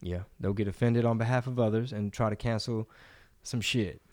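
A man's voice: fairly low pitch, fairly even intonation, normal speed, darkish tone. A young man co-hosting a podcast in casual, profane chat, often slipping into mocking impressions. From Texas. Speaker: podcast co-host.

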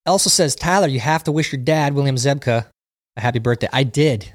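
A man's voice: medium pitch, fairly quick, dry recording. Casual male stream host riffing on comments, mid voice, dry mic. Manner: chatty, reads viewer comments aloud and riffs on them. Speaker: livestream host reading chat. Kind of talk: casual chat.

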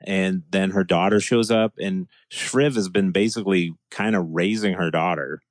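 A man's voice: low-pitched, normal speed, dry recording. A man talking in a casual podcast chat, enthusiastic and rambling, with restarts and laughs.

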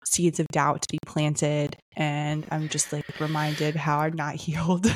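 A woman's voice: low voice, little pitch movement, a little slow, a little hiss or hum. A young woman co-hosting a podcast, talking candidly and reflectively in a casual chat, with laughs between her phrases. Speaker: podcast co-host.

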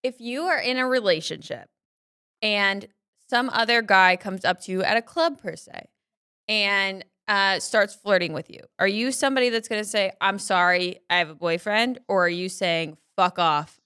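A woman co-hosting a podcast, lively and blunt, swearing casually as she asks questions. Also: medium pitch, normal speed, clear, resonant tone. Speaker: podcast co-host.

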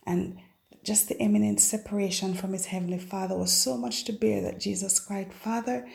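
A woman teaching a devotional Bible lesson, telling it as an expressive, dramatic story. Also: medium pitch, gravelly. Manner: expressive, dramatic storyteller who acts out scripture.

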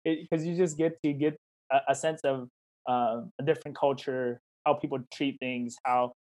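A man's voice: medium pitch, steady tone, moderate pace. A man, a certified life coach, answering interview questions in an encouraging, casual way over a video call, often acting out little quoted exchanges. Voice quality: warm, encouraging, talks in questions and quoted dialogue.

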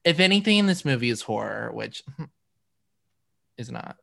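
A man hosting a podcast, chatting in a relaxed, rambling way and laughing often. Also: mid-range voice, normal speed, creaky. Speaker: podcast host. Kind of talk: casual chat.

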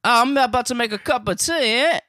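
A chatty, halting British teenage boy, as a man puts him on, pitched well above the speaker's own voice. He stumbles over fillers while he offers a cuppa. It sounds bright and close. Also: no room sound.

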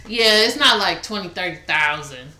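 A young woman co-hosting a casual podcast chat, frank and quick to laugh, swearing casually. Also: fairly low pitch, expressive, sharp tone, a little hiss or hum. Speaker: podcast co-host. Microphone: studio mic at a table. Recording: roomy echo.

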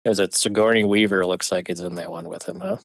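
A man's voice: on the low side, very animated, fast, gravelly, dry recording. A man co-hosting a casual movie chat, laughing often and hedging with fillers. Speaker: podcast co-host.

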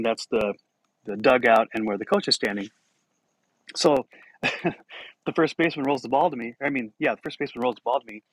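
A man's voice: medium pitch, a bit bright, low-quality recording. A man hosting a podcast, telling a personal story in a casual, self-deprecating way with chuckles. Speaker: podcast host.

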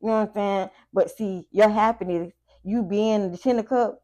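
A woman giving a casual tarot reading to her viewers, talking in a chatty, profane way with animated asides. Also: medium pitch, normal speed. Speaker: tarot reader.

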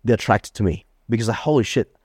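An Australian podcast host with a fairly low, husky voice speaks quickly in a casual chat, recorded in clean studio sound with no room echo. He brags and acts out his own quoted dialogue in a raised voice.

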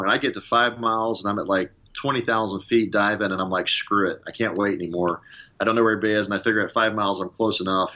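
Man, lower voice, rapid and bright, ex-pilot telling a war story, lo-fi sound. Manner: fast, animated retelling with acted-out radio calls. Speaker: former fighter pilot. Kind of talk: casual storytelling in an interview.

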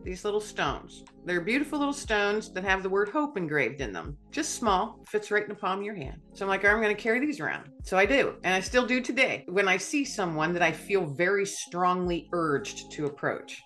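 A woman guest on a podcast, telling a personal story in a lively way, acting out dialogue and laughing often. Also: mid-range voice, normal speed, few pauses, faint music behind.

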